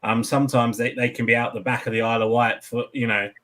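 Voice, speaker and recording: English male guest, 40s, low flat delivery, relaxed and earnest. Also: fast talker. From England. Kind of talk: casual chat.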